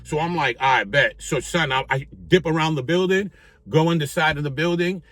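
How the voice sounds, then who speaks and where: A vlogger from Puerto Rico tells a story in casual street slang, swearing freely and animatedly acting out what people said. His voice is fairly high and his pace moderate.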